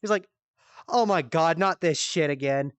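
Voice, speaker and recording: A woman hosting a comedy stream, telling a story in casual, animated style, swearing freely and jumping high for quoted voices. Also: moderate pace, clear, resonant tone, dry recording, highs cut off. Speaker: comedy show host. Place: virtual-world live stream.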